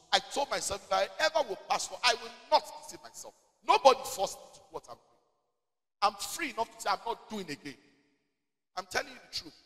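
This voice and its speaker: A man's voice: sits high, fairly bright tone, big-room sound. A man with a Nigerian accent, preaching as a pastor in a church question-and-answer session, emphatic with Pidgin asides. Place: church hall.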